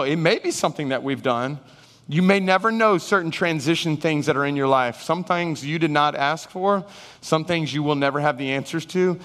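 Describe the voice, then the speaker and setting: A man preaching a sermon, animated, acting out Bible figures and his listeners in raised voices. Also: on the high side. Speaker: pastor. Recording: reverberant hall sound.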